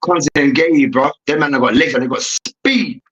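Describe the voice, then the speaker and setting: Ranting young man, high bright voice. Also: moderate pace. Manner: ranting, profane, repeats "hear me now". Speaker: debate show host. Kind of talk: heated sports debate. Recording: dull lo-fi recording.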